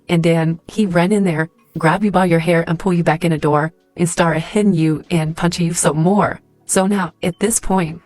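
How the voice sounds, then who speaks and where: A woman's voice: fairly low pitch, darkish tone, dry recording. A woman telling a dramatic story in the second person, in a casual, rambling way full of fillers. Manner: rambling, heavy use of "like" and "and stuff like that". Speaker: storyteller in a social media clip.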